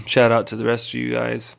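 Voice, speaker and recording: A vlogger with a medium-pitched, gravelly voice shares a casual update with his followers. He's tired and yawning, and his talk is relaxed, meandering, and packed with fillers.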